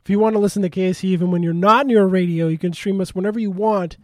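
A man hosting a college radio show, chatting casually about video games in quick, fragmented bursts. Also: sits high, no echo, clean studio sound. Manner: energetic, talks in fragments with many "like"s. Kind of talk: casual gaming podcast chat.

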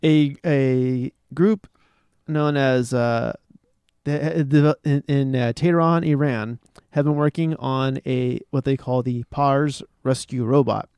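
A man co-hosting a casual news podcast, explaining stories haltingly with many restarts and frequent laughs. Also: medium pitch, steady tone, darkish tone, smooth, no room sound. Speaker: podcast co-host. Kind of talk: casual chat.

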